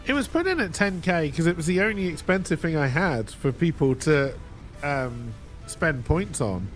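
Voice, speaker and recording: A man's voice: on the high side, lively intonation, normal speed, faint music behind. A man chatting casually on a live game stream, reading and answering chat and laughing easily.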